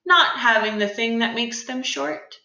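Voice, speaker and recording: A brooding young man pours out his lovesick complaints in melodramatic sighs, read aloud by a woman. The voice is bright and a little high. It rings in a roomy space. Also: a little slow, gravelly, muffled recording, exaggerated voice. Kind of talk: reading a play aloud. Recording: roomy echo.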